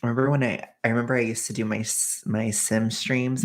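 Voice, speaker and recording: A woman's voice: very deep voice, level tone, a little fast, few pauses. A woman streamer in casual, rambling chat who sometimes drops into an ASMR whisper.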